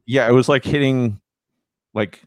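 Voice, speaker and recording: Man, joking banter, mid-pitched voice, dry close recording. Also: steady tone, a little slow, dry recording. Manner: joking, laid-back banter. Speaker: podcast co-host. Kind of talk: casual chat.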